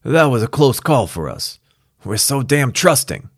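A man's voice: mid-range voice, big pitch swings, a little slow, creaky, husky, no room sound, studio quality, pitched above the performer's own voice, heavily acted. A man voicing a dim, brutish male character with a New York cop accent, grim and blunt.

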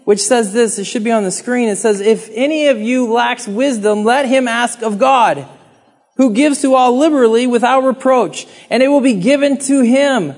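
A man's voice: very high-pitched, normal speed. A man preaching a sermon in an earnest, conversational way, talking straight to the congregation and acting out pleading prayers. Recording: long reverb of a hall.

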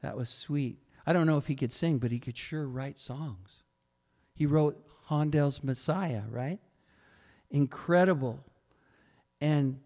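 A man preaching a sermon as pastor, telling stories with animated swings and sudden loud peaks. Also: on the high side, slow. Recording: long reverb of a large hall.

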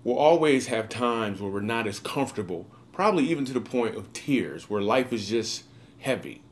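A man's voice: mid-range voice, expressive, normal speed. A man in a recorded video monologue, telling a personal story in a casual, upbeat way with slangy asides.

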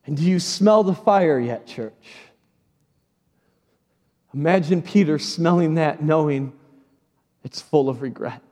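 Man, pastor, high voice, dramatic storytelling sermon, long church reverb. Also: slow, pauses often, darkish tone. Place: church sanctuary. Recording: large hall reverb.

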